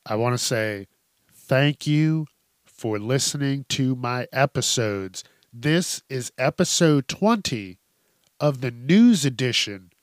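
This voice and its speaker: Clean, dry studio audio captures a medium-pitched male podcast host doing casual comedic storytelling, swearing freely and laughing a lot.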